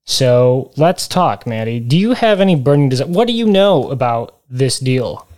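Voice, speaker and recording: A man's voice: mid-range voice, very animated, normal speed, a little mellow. A man co-hosting a podcast in casual chat, rambling and wry as he explains things. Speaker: podcast co-host.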